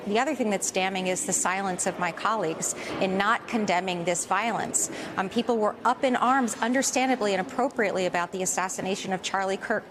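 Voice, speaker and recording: A woman's voice: mid-range voice, noisy background. A woman lawmaker giving an earnest, indignant interview answer. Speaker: congresswoman in an interview. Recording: interview clip with clear background ambience.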